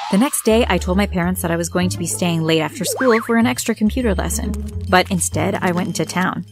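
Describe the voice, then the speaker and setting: A woman narrating a scripted first-person story with a plain, steady reading. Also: medium pitch.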